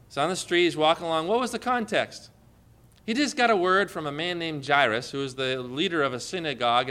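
A man delivers a sermon with a bright, forceful edge to his voice. He speaks a little higher than most men and preaches earnestly, building emphasis and asking his listeners questions. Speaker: pastor.

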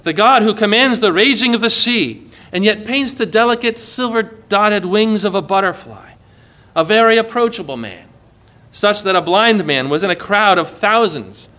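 A man delivers a sermon in a high, bright voice. He talks conversationally, drops in small asides, and briefly acts out the lines he quotes. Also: normal speed. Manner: expressive, acts out quoted lines with shifts in volume and pace; warm, conversational asides with light laughs. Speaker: preacher.

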